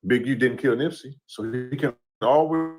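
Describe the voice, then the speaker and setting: A man in a clip talking through a court case in a loose, casual way, leaning on filler questions as he goes. His voice sits at an ordinary middle pitch. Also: moderate pace, a little mellow. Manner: talks it through loosely, "you know what I'm saying". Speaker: commentator in a played clip.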